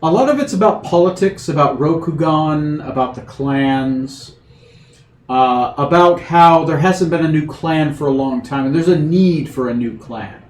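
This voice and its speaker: A man's voice: fairly high pitch, unhurried, darkish tone. A man running a tabletop game as game master, explaining rolls and outcomes in a loose, rambling way with many fillers. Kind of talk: running a tabletop game over a video call. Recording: roomy echo.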